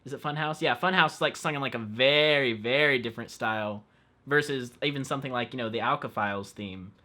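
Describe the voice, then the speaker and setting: Bright-voiced eager man interviewing. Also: mid-range voice, brisk. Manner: eager fan, enthusiastic questions. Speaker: interviewer host. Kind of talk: casual interview.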